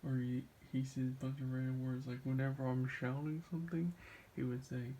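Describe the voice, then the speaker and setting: A man's voice: mid-range voice, flat delivery, fairly quick, mellow, a little hiss or hum. A man telling casual, rambling stories about gaming with a friend, full of "like" and restarts. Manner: laughs between stories. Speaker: video creator reacting to a friend's clips. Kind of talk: casual storytelling.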